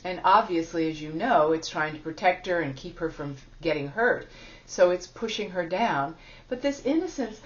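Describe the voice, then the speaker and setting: A woman's voice: lowish voice, lively intonation, moderate pace. A woman giving a spiritual teaching talk in a chatty, self-deprecating way, laughing often. It sounds like a dull lo-fi recording.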